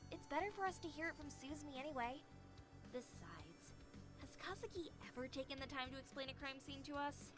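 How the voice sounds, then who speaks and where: A man voicing a calm, level-headed young woman tech assistant who speaks in a matter-of-fact way. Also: extremely high pitch, a little fast, music in the background, pitched above the performer's own voice.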